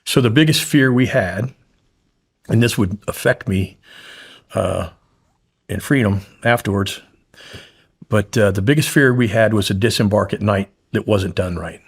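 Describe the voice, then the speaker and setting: A man's voice: on the low side, measured pace, long pauses, husky. A man guest in an interview, blunt and profane, intensely retelling a frightening story.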